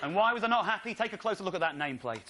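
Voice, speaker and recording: A comedian on stage, telling an excitable, indignant comic story with slides. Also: male voice, high-pitched, very fast, very noisy. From Britain. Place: theatre stage.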